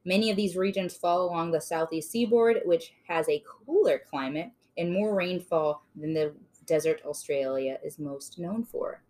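A woman's voice: on the low side, moderate pace, a little mellow. A woman hosting a casual podcast, reading aloud with playful, jokey asides. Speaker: podcast host.

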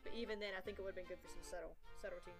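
A woman's voice: on the low side, fairly even intonation, racing, vocal fry, music in the background. A woman chatting on a tabletop game podcast, talking through her character's choices. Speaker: podcast co-host and player. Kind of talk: casual chat.

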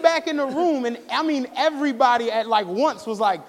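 A man co-hosting a live podcast, telling a profane, animated story and acting out the quotes. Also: extremely high pitch, a little fast, slight background noise. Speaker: podcast co-host. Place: live stage show in a studio venue. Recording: long hall reverb from a live venue.

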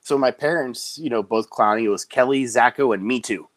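With no room sound in the audio, a guest who works as a clown talks casually in an interview. He tells his stories with animation, and his voice jumps quick and high whenever he quotes people.

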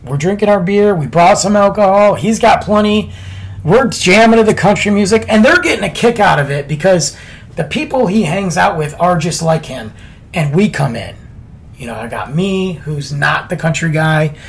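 Gravelly man telling a laid-back story. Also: sits high, expressive, moderate pace. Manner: laid-back, chatty, slangy. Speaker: podcast storyteller. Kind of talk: casual storytelling.

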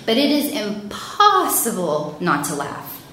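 Animated woman storyteller, very echoey room. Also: mid-range voice, takes it slowly. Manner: animated, acts out panicked quotes. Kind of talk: live personal storytelling. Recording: very echoey room, faint noise.

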